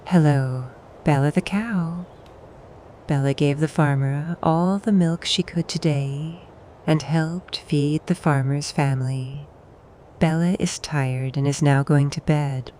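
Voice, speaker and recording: Woman, low and mellow, soothing toddler bedtime narrator, slow and patient. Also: steady tone, a little hiss or hum. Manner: soft and soothing, pausing for the child to answer. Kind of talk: gentle bedtime storytelling for toddlers.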